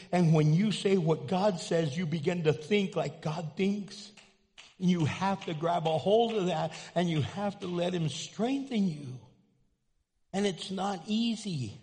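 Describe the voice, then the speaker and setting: A lively male pastor delivers a sermon with a high, bright pitch. He swings between hushed asides and loud, emphatic lines. His voice rings with the long reverb of a big church hall.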